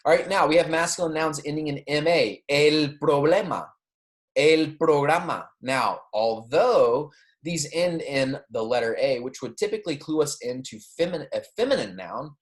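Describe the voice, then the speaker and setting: A man's voice: a little high, animated, normal speed. Patient man teaching a recorded lecture. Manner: patient, repeats words for students to echo, says okay often. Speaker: Spanish teacher.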